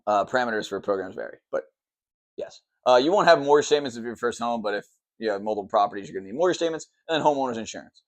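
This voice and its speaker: A man who works as a mortgage lender, explaining the loan process at a whiteboard in a quick, rambling way, always checking in with "okay" and "all right". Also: mid-range voice, lively intonation. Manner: says he talks fast and tries to slow down.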